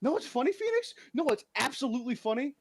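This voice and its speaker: A man's voice: very high voice, sing-song, quick pace. A young man ranting in casual chat as a streamer, exasperated and laughing as he tells his story.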